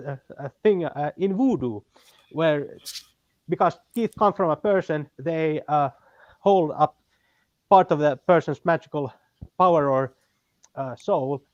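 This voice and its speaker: A man with a Finnish accent talking as a guest in casual chat, pausing often with fillers and restarts. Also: a little high, expressive, no room sound, highs cut off. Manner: halting, many fillers and restarts.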